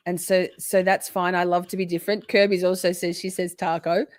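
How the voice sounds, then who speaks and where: An Australian woman hosting a casual livestream chat, animated and quick to jump into high quoted voices. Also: no room sound. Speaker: livestream host.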